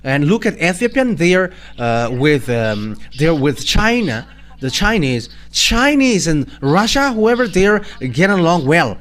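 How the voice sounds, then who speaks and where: A man with a Malagasy accent preaching a sermon in halting English, full of fillers and restarts. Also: a little high, very animated, fairly bright tone.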